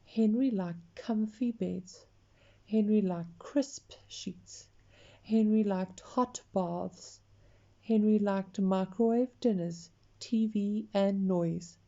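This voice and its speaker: A woman reads a picture book aloud, slowly and expressively, talking straight to the listener. Her voice is mellow and unhurried, and the recording sounds dull and lo-fi. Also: mid-range voice. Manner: slow, expressive, talks to the listener. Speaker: storyteller.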